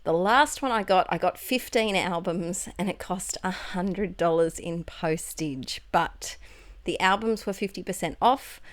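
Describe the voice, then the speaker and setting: An Australian woman talks through her craft project in a relaxed, rambling voiceover. Her voice sits a little low for a woman. She often stops to correct herself and fills the gaps with small laughs. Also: unhurried, no echo. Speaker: craft video creator. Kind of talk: casual voiceover narration. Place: home, recorded at night.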